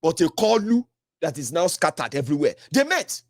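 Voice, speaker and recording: A man's voice: a little high, big pitch swings, moderate pace, no room sound, clean studio sound. A middle-aged Nigerian man with a Nigerian accent giving solo political commentary, fiery and mocking, mixing pidgin into his English.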